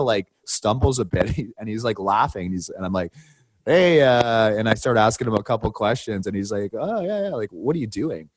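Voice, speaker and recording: In a relaxed podcast conversation, a man co-hosting spins a story, voicing the quoted lines loudly and with lots of energy. His pitch is fairly low, and there's no echo on the audio.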